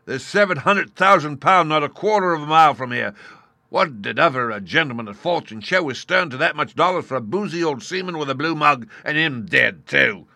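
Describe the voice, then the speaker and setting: A man voicing a bold, cunning pirate leader with gruff, blustering sailor talk. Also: a little high, lively intonation, a little fast, pushed and bright, no room sound, pitched above the performer's own voice, exaggerated voice. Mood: defiant.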